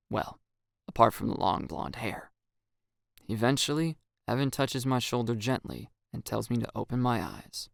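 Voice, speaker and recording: A man narrating a first-person story in a calm, even storytelling manner. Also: medium pitch, measured pace, vocal fry, dry recording, clean studio sound. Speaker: audiobook narrator.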